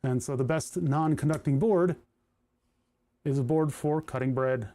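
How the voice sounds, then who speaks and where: A young man, talking casually on a live stream while soldering. His voice sits a bit higher than most men's, and he rambles and doubles back, talking to his chat as he works. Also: a little slow, dark tone. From United States. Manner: rambling and chatty, with restarts and asides to chat.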